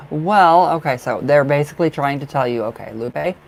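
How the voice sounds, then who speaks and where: A man giving tarot readings on a live stream in a casual, effusive way, chatting warmly to viewers by name and laughing often. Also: fairly high pitch, normal speed, gravelly, low-quality recording. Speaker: tarot reader.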